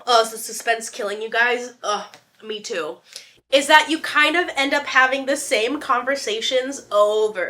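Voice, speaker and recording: A woman in her thirties chatting casually to camera as a vlogger, animated and jokey, with playful asides. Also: fairly high pitch, a little fast. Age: 30s. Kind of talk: casual chat.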